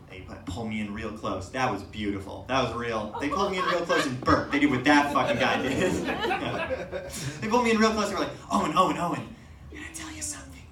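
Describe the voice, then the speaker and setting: A young man doing stand-up comedy on a stage, telling self-mocking stories in an animated, laughing way. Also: mid-range voice, slight background noise. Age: young adult. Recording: echoey room from a distant mic.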